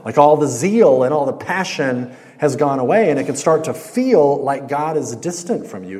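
A man's voice: medium pitch, a little mellow. Man preaching conversationally in an echoing hall. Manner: conversational, with lots of "like" and "you know"; asks the audience questions. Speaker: campus minister. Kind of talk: sermon. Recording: long hall reverb.

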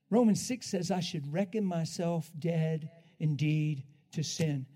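A man preaching a sermon in an animated way, laughing often and swinging between loud, drawn-out lines and hushed ones. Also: on the high side.

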